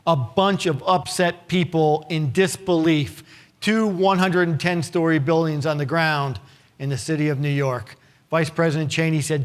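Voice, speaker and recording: Man telling a dramatic story on stage. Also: fairly high pitch. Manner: vivid storytelling with acted-out quotes and wry asides. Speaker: keynote speaker. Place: conference hall with a live audience.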